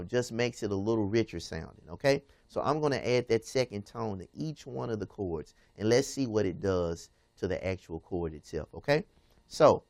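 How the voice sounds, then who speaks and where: Piano plays under a man's mid-range, slightly mellow voice with vocal fry and no echo. He teaches the instrument patiently, going over steps again and checking in with "okay?" after most phrases.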